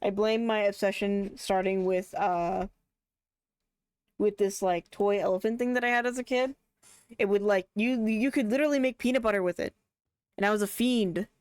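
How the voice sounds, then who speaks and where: A woman's voice: medium pitch, moderate pace, darkish tone, clean tone, no echo. Chatty woman streamer, dry close sound. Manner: chatty, rambling, laughs often. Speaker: game streamer. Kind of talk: casual live gameplay commentary.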